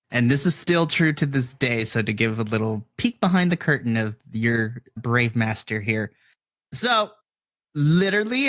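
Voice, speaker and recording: A man narrating as game master in a tabletop role-play. He is a lively storyteller who laughs often, and his voice sits mid-range with a dry, close sound. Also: mid-range voice, no echo.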